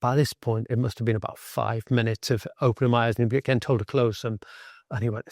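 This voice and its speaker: A middle-aged man, a former Royal Marine, candidly recounting his experiences in a blunt, animated way. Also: medium pitch, fast talker, dry recording, clean studio sound. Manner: blunt, animated, swears freely. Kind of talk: candid personal storytelling.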